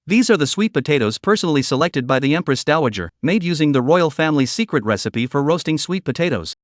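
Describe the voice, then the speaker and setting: A greedy middle-aged street vendor, pushy and indignant as he haggles, read out by a man. The voice sits fairly high and swings lively up and down, recorded close and dry. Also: quick pace, no echo, lightly acted.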